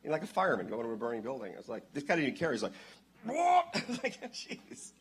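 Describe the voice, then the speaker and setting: Man, animated church storyteller, swooping lively pitch, bright forceful tone, loud outbursts. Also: very fast, a little hiss or hum. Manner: excitable, bursts into loud exclamations. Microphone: handheld microphone.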